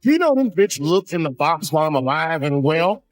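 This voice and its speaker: Animated, profane stand-up comedian man. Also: normal speed, no room sound, soft background music, rough recording. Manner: animated, profane storytelling with sudden high-pitched outbursts. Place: comedy stage.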